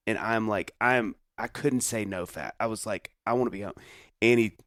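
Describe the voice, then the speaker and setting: A man hosting a podcast, telling a personal story in casual conversation with lively quoted asides. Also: lowish voice, normal speed, dry recording, studio quality. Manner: storytelling, animated quoting. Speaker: podcast host.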